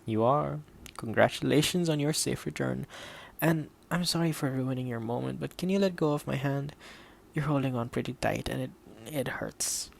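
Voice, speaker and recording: Gravelly male audiobook narrator. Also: mid-range voice, moderate pace, few pauses.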